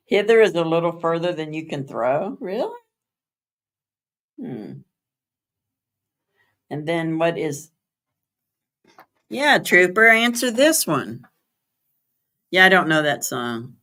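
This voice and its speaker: This livestream host speaks slowly from home in a fairly low, sing-song, slightly bright voice, leaving long pauses. Using a streaming setup, she chats casually with viewers, answers comments by name, spells words out and laughs often.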